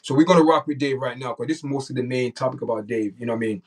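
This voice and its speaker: A man hosts a casual morning livestream, chatting loosely and repeating lines as he calls out to viewers in the chat. His voice sits at a middle pitch and sounds a little distant, as if he's set back from the mic. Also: steady tone, racing. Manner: repetitive, talks straight to the chat. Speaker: livestream host.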